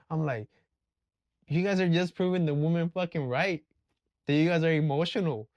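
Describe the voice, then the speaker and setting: A blunt man rants with plenty of swearing. His voice is fairly high for a man and swings up when he gets heated. The sound is dry and close to the mic. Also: normal speed, long pauses, dry recording. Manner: blunt, profane, animated. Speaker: vlogger. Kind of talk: casual rant.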